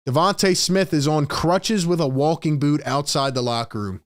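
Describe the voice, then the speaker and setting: A man's voice: fairly high pitch, normal speed, hardly any pauses, no echo, clean studio sound. A man hosting a live postgame fan show, ranting in frustration and reading out viewers' chat comments. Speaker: sports podcast host.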